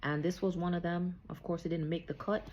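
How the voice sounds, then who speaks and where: A woman's voice: fairly low pitch, fairly even intonation, fairly quick, a little mellow, lo-fi sound. A woman giving a casual spiritual card reading, chatty and checking in with "okay?" after nearly every thought. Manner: chatty, repeats "okay?" often. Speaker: psychic card reader.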